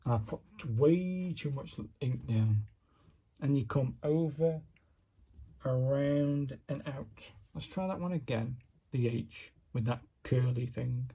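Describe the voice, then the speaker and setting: Man, unhurried and raspy, casual self-critical hobby demo narration. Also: mid-range voice, dark tone. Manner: self-critical, chatty, narrates while working. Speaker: calligraphy hobbyist demonstrating. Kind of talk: casual step-by-step demonstration.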